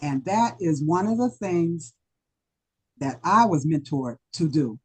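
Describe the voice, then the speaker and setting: A woman giving a slow, deliberate evaluation of a speech at a club meeting, full of warm praise. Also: low voice, animated, a little hiss or hum.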